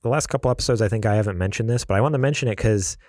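A man with a fairly low voice chats on a gaming podcast, loose and unhurried, full of "uh" and "like". The sound is dry and close, with no room around it. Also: a little mellow, no echo. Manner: laid-back, rambling with many fillers. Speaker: podcast co-host. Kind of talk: casual podcast chat.

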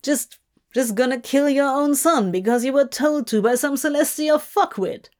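A woman's voice: sits high, moderate pace, pitched above the performer's own voice, close to an everyday voice. A woman doing a snarky brash male demon. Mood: mocking. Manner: sarcastic, brash, loud.

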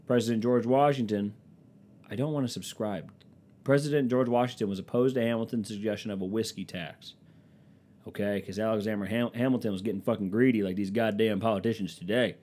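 A young man chatting casually and comically as a podcast host, rambling and swearing, with quick dips into silly voices. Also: fairly low pitch, fairly even intonation, darkish tone. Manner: rambling, profane, slips into silly quoted voices. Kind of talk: casual comedic chat.

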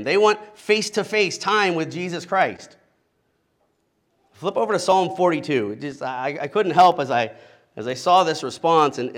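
Male pastor, middle-aged, somewhat high voice, casual conversational sermon, joking asides, keeps asking "right?". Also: a bit bright. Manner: casual, humorous asides, frequent rhetorical "right?".

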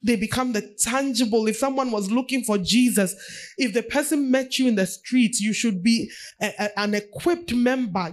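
Emphatic woman pastor preaching. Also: mid-range voice. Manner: emphatic, repeats phrases for effect. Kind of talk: sermon.

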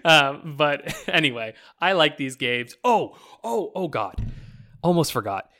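A man's voice: on the high side, animated, a little slow, bright, forceful tone. A young man from Canada casually chatting about video games, rambling, swearing freely and slipping into mock voices.

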